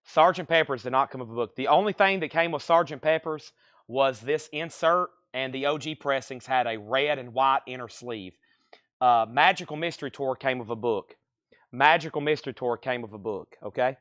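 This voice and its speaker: A medium-pitched man hosts a live vinyl record sale online, calling out grades, prices and bids in a rapid, steady stream. Allergies make him cough from time to time, and there's no echo in the recording.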